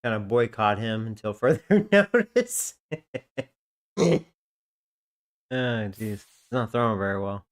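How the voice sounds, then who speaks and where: A man's voice: lowish voice, very animated, takes it slowly, pauses often. A man casually commentating a video game, rambling and joking with frequent laughs. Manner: rambling, jokey, laughs often. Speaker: gaming streamer.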